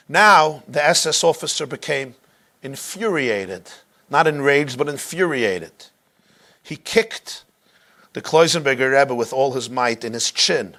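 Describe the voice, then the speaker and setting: A male rabbi teaching a class, telling a story dramatically and slowing down to stress key moments. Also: medium pitch, fairly bright tone. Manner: dramatic, slows down for emphasis. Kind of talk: storytelling lecture.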